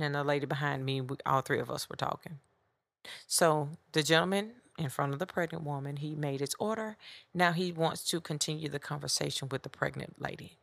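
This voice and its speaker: A woman hosting a podcast, telling a story in a blunt, animated way. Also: low-pitched, vocal fry, dry recording, studio quality. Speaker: podcast host. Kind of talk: casual storytelling monologue.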